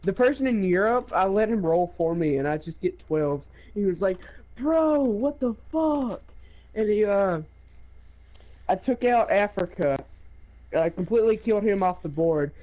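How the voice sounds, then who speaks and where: A young man telling a game story in casual chat, animated, laughing and swearing. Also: high voice, moderate pace, highs cut off.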